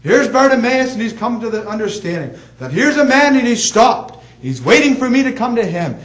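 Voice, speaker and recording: A man preaching with a high voice that rises and falls dramatically. He moves from emphatic, ringing calls to near-hushed softness, and his intonation is vividly animated throughout the sermon. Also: normal speed, rough recording. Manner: dramatic, swinging between emphatic calls and hushed soft passages.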